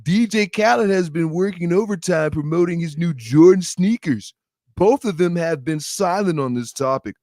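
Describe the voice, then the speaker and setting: A man's voice: a little high, normal speed, darkish tone, no room sound, voice pushed up, natural voice. Man putting on a nasal mock voice, thick-throated, mocking, dry close mic. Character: nasal-voiced male interviewer reading a tweet.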